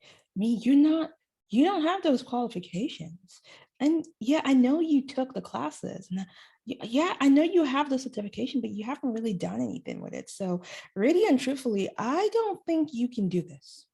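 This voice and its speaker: A woman's voice: high-pitched, sing-song, normal speed, creaky, warm tone, slightly rough, voice pushed up, heavily acted. A woman doing a sneering female inner critic. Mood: scornful. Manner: doubting, condescending, needling.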